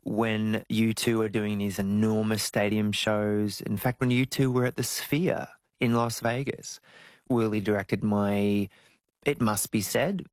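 Aussie guy in his 50s chatting on an interview, bit of fry in the voice, gets squeaky when he's joking. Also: no room sound. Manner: animated storytelling, jumps to high squeals when joking. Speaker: interview guest, singer. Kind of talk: casual interview chat.

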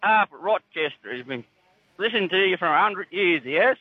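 A man's voice: high-pitched, lively intonation, normal speed, slightly rough, dry recording, narrow, tinny audio. A man with a broad rural Australian accent calling in from his tractor, chatting in a laconic, drawling way. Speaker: caller. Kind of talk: casual phone chat. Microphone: phone.

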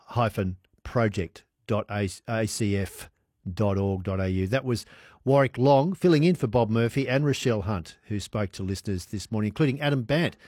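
A man hosting a radio show in a chatty, relaxed way, inviting listeners to call in. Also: medium pitch, dry recording, clean studio sound. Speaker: radio presenter. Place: radio studio. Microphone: studio microphone.

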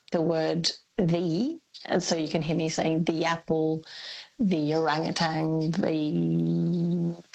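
Gravelly Australian woman explaining speech. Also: lowish voice, darkish tone, rough recording. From Melbourne. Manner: thoughtful, hesitant, explanatory with fillers. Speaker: linguistics expert guest. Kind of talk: radio interview explanation.

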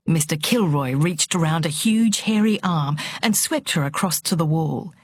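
Brief: woman narrator, dramatic audiobook reading, lowish husky voice, lively delivery. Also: normal speed, hardly any pauses. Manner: expressive, dramatic. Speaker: book reader on radio.

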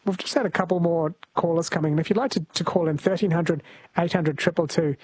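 Higher-voiced male radio host, husky. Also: fairly even intonation, fast talker, darkish tone. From Australia. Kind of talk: talk radio hosting.

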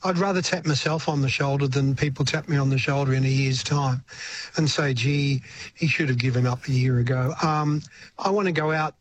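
A man's voice: medium pitch, steady tone, normal speed, a little hiss or hum. An older man with an Australian accent, a retired singer-songwriter speaking as a radio interview guest, reflective and rambling, with frequent restarts.

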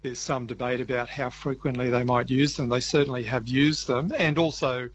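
A man's voice: mid-range voice, steady tone, highs cut off. Hesitant man with faint hum. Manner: measured, hesitant, many restarts. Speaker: wildlife ecologist. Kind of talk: radio interview explanation.

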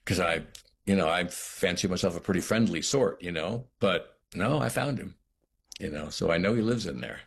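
A man with a very low, deep voice and an American accent talks through his craft in a relaxed interview. He circles his thoughts and often restarts, with many small fillers and "you know"s. His low register stays steady under an unhurried, thoughtful delivery. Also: slight background noise. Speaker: actor. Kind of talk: interview conversation.

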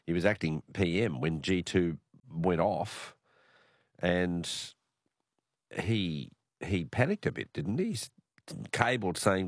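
A man's voice: sits low, expressive, slow pace, long pauses, dry recording, studio quality. A man hosting a radio interview, chatty, prompting his guest with tag questions. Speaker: radio host.

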